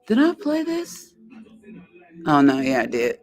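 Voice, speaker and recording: A woman hosts a casual livestream and chats at an unhurried pace. She talks in a halting, friendly way and greets her viewers one by one as they arrive. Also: low-pitched, wildly swooping pitch, darkish tone, faint music behind. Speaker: livestream host.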